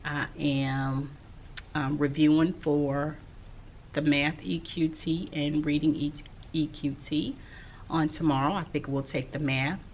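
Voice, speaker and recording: A middle-aged woman, an elementary school teacher, talking casually to camera in a slow, soft-spoken, reflective way with frequent pauses. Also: low voice, fairly even intonation, lo-fi sound, slight background noise. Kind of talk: casual vlog talk to camera.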